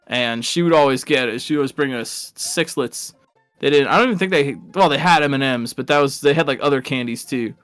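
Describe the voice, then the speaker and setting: A rambling, talkative man commentates a live video game race in a relaxed stream style. His voice sits a little high, and he chuckles at his own tangents. The sound is dry and close, with faint music underneath. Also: smooth, no echo. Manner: rambling and chatty, laughs at his own stories.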